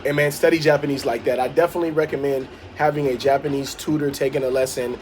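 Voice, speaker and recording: A man's voice: medium pitch, steady tone, fast talker, darkish tone, a little hiss or hum. A young man giving casual vlog advice, rambling with many fillers and repeated words. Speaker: vlogger.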